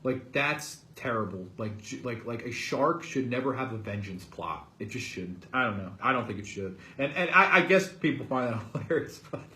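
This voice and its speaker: A man in an ordinary middle pitch, reviewing a film in a loose, casual way. He talks in animated, disbelieving bursts, full of "like" and "man". The room around him rings with echo. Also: moderate pace, few pauses. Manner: animated, incredulous ranting with frequent "like" and "man". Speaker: host.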